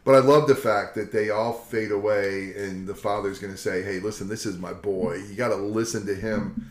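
An older man, a pastor co-hosting a casual Bible discussion, telling the stories in a lively folksy way and acting out the quotes. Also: lowish voice, normal speed. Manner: animated storyteller, acts out quotes, folksy. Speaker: pastor and co-host. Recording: echoey room.

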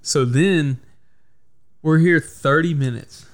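A man's voice: on the high side, slow pace. A man hosting a casual podcast, telling stories in a heated, profane way. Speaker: podcast host.

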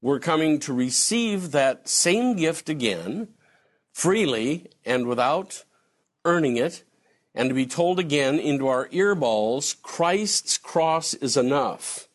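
Male theology lecturer, lively up-and-down pitch, chatty and digressive, slips into acted quotes. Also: slow pace. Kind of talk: conversational lecture answering a question.

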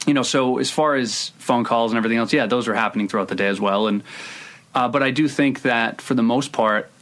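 Brisk and a bit bright, this medium-pitched man in his thirties is a screenwriter guest giving a casual interview, wandering through his answers with frequent restarts and hedging.

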